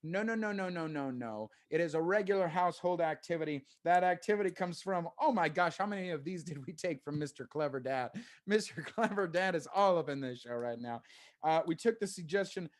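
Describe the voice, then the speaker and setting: A man's voice: fairly high pitch, brisk. Upbeat man hosting an improv show. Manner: upbeat, laughing, chatty. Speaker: host. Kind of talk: explaining improv games.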